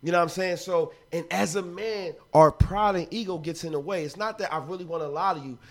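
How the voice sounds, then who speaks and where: A man in his thirties co-hosting a podcast, joking loudly and laughing often in casual chat. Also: high voice, a little fast. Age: 30s. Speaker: podcast co-host.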